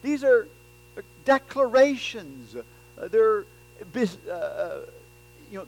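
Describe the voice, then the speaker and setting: A man preaching a sermon, dropping to soft low passages and then rising into loud, emphatic declarations. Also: very animated, slow pace, creaky, long pauses, poor audio. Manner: swings between soft, low stretches and loud, emphatic bursts.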